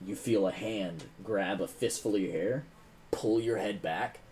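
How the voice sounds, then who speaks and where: A man's voice: lowish voice, a little slow, a little mellow, a little hiss or hum. A man narrating a tabletop game as game master, casual and filled with "like" and "um".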